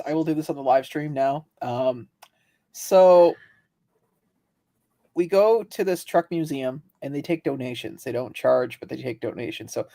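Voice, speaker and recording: A man co-hosting a livestream, telling rambling, animated stories and laughing often in casual chat. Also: mid-range voice. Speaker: livestream co-host.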